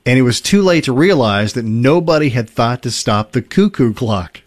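Casual male host reading listener stories aloud, easygoing with chuckles, mid-pitched voice. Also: moderate pace. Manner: relaxed storytelling with fillers and chuckles.

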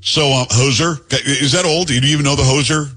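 A man's voice: fairly high pitch, brisk, bright, forceful tone. A man hosting a podcast, talking in a joking, rambling, teasing way. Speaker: podcast host. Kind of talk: casual podcast chat.

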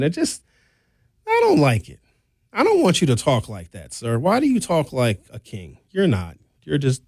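A man, hosting a talk show and delivering an opinionated, animated monologue with blunt, sarcastic asides. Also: mid-range voice, no echo, clean studio sound. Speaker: radio talk show host.

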